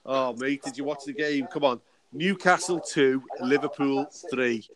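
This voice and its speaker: A man's voice: medium pitch, steady tone, a little slow, crowd noise. A man co-hosting a casual chat, trading crude jokes and laughing often over a remote call. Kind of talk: casual banter.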